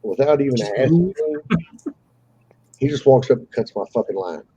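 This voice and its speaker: A man with a dark, husky voice tells a story in a loose, animated way. He swears freely and acts out the voices of the people he quotes. The sound is muffled and lo-fi, like a call. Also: medium pitch, moderate pace, no room sound. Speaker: caller telling a fishing story. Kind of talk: casual storytelling on a live call.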